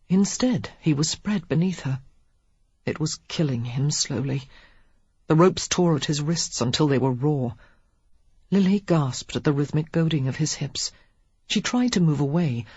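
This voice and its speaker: Audiobook narrator, steady measured reading, husky voice, dry dull lo-fi sound. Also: medium pitch, no echo.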